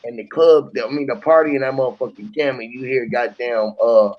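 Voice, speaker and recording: A man's voice: medium pitch, fairly quick, lo-fi sound, slight background noise. A man talking casually on a podcast, telling a story and acting out scenes with sound effects. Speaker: podcast host.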